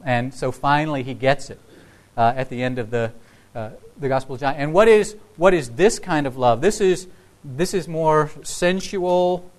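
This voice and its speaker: A man giving a sermon to his congregation in a relaxed, conversational way, breaking into the voices of the people in his text. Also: on the high side, normal speed, low-quality recording. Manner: conversational, acts out quoted dialogue. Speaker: pastor.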